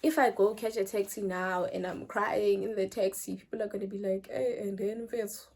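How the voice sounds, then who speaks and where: This young South African vlogger talks at a moderate pace with some vocal fry, telling her channel a casual story in an animated, conversational style. She mixes in Zulu phrases with ease, and her middle-pitched voice spikes loud for emphasis before trailing off quietly.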